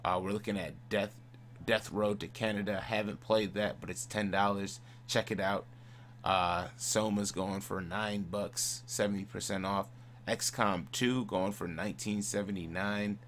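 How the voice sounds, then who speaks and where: A man with a somewhat low voice co-hosts a casual gaming podcast. He sounds laid-back and chuckles easily while listing game deals. A faint electrical hum sits under the recording. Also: steady tone, a little slow, fairly bright tone. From Midwest. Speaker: podcast co-host.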